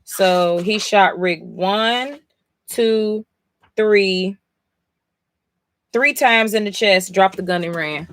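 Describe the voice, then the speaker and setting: Sleepy, exasperated woman with a bright voice. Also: medium pitch, drawn-out words, long pauses. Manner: blunt, profane, exasperated. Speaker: streamer reading comics live. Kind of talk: casual live reading reaction.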